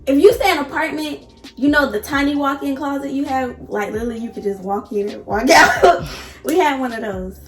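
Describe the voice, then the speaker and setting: A woman vlogger telling a personal story in an animated, emphatic way, addressing viewers directly. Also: high-pitched, fairly quick, roomy sound, soft background music. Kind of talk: casual storytime.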